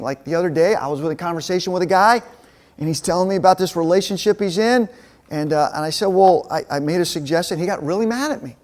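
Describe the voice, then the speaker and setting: A man's voice: high voice, darkish tone. A man giving a conversational talk to a men's group, telling personal stories and acting out the dialogue. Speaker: men's ministry speaker. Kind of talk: sermon told through personal stories.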